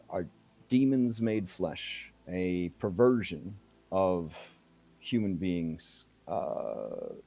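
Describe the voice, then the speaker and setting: A man voicing a stern older male official who sighs and speaks in a measured, persuasive way. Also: deep voice, dark tone, pitched below the performer's own voice, heavily acted. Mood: grave.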